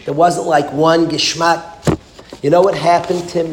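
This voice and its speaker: A man, a rabbi, telling a story as a sermon, repeating phrases and swinging between hushed and loud. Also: on the high side, steady tone, normal speed. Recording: echoey room with background noise.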